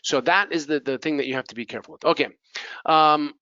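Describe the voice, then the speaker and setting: A man with an American accent teaching English pronunciation to Spanish speakers, repeating words slowly to drill the sounds. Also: on the high side, pushed and bright, smooth, dry recording, dull audio. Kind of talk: bilingual pronunciation lesson.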